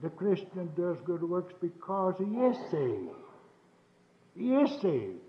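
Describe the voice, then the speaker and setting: High-voiced preacher on a tinny old tape. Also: male voice, sing-song, slow, roomy sound. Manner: emphatic, repeats phrases, rising to fervent peaks. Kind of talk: sermon.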